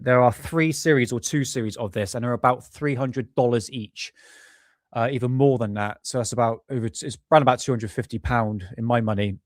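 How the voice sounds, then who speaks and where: A man's voice: mid-range voice, a little mellow, dry recording, studio quality. Chatty, swearing British man host. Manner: chatty, swears often, laughs at himself. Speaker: livestream host. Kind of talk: casual live-stream chat. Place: home room.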